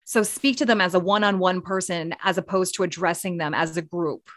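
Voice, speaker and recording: A Canadian podcast co-host and radio broadcaster talks fairly quickly in a lowish, steady, slightly bright voice. Her casual speaking tips come with fillers and restarts, recorded in clean studio sound without room tone.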